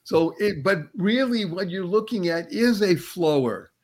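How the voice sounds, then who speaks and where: A man with a somewhat high voice gives a lively, uplifting motivational talk as a guest on a show. He teaches playfully, putting questions to his host, and slows right down to draw out words that matter. His tone stays spiritual and encouraging. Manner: slows and stretches words for emphasis. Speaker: guest speaker.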